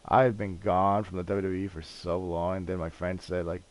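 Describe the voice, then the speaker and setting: A man with a low voice talks loosely while playing a game on stream. He rambles, gets excited and curses freely, like chatting with friends. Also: moderate pace. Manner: rambling, excitable storytelling with frequent swearing. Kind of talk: casual gaming stream chat.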